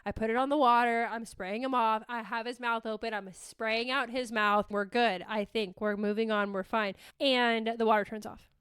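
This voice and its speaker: A young woman hosting a podcast, telling a story in a casual, animated way, swearing freely and talking to listeners as "you guys.". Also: fairly high pitch, normal speed, few pauses, clean tone, no echo. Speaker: podcast host.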